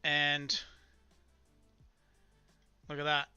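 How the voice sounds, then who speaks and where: Man, live trading stream, chatty and muttering, very sharp tense tone, smooth clear voice. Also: a little high, completely flat delivery, extremely slow, dry recording, muffled recording, faint music behind. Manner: chatty, muttering to himself over charts. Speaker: live-streaming futures trader. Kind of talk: casual live-stream commentary.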